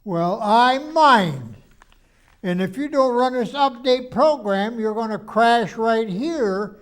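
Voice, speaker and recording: A man's voice: very high-pitched, expressive, slow. A man hosting a comedy sketch, exasperated and blustery as he argues with his computer. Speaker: comedy show host.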